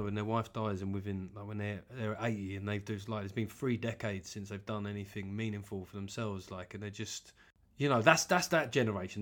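A man, a comedian hosting his podcast, delivering a rambling, profane, self-mocking comic monologue. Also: lowish voice.

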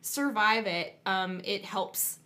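A woman's voice: medium pitch, animated, slow pace, bright, forceful tone. Frank, blunt woman co-host. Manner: frank, blunt, swears casually. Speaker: podcast co-host. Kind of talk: casual podcast chat.

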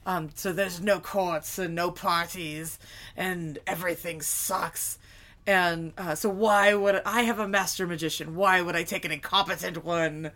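A woman voicing a gloomy, bitter old king in a low, slow, sullen voice. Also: steady tone, fairly bright tone.

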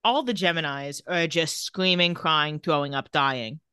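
Bright-voiced woman recapping a show. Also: low-pitched, smooth, no room sound, clean studio sound. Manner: retells scenes quickly, reading out dialogue in a flat voice. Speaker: podcast co-host. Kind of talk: casual recap chat.

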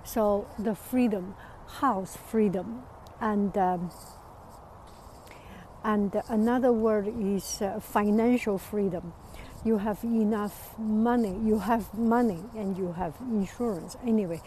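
A woman from China with a Chinese accent, chatting casually on a walk outdoors, hesitant with many pauses and fillers. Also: medium pitch, dark tone, slight background noise, low-quality recording. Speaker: vlogger. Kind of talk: casual walking chat.

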